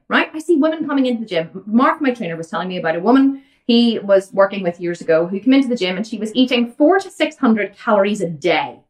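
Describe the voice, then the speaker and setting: A woman's voice: on the high side, distant mic. An Irish woman hosting a fitness Q&A, blunt and outspoken as she answers viewer questions. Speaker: fitness coach and host.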